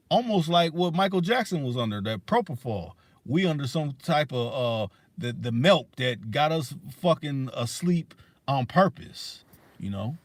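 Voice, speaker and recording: A man's voice: medium pitch, dry recording. A man hosting a livestream, ranting in a heated, profane way with many restarts and fillers. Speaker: livestream host. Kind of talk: casual rant on a livestream.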